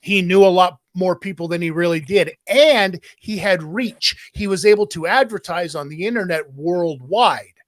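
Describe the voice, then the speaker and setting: High-voiced man hosting a chat. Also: moderate pace, few pauses, no room sound. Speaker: podcast host. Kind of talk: casual chat.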